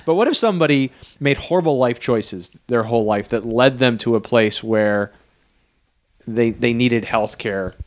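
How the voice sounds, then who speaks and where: A man co-hosting a casual podcast, quick and jokey. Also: mid-range voice. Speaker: podcast co-host. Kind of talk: casual chat.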